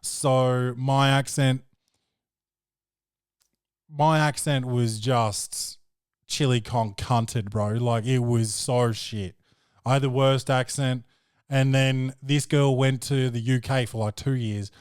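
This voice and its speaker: A man's voice: medium pitch, steady tone, takes it slowly, smooth, no room sound, clean studio sound. A man hosting a podcast, telling crude, rambling stories in casual chat. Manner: rambling, profane storytelling, peppered with "bro". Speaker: podcast host.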